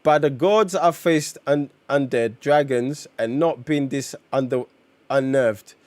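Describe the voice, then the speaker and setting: A man voicing a gruff male warrior god from a comic, read aloud with small stumbles. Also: mid-range voice, slow pace, a little mellow, no echo, close to an everyday voice. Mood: grim.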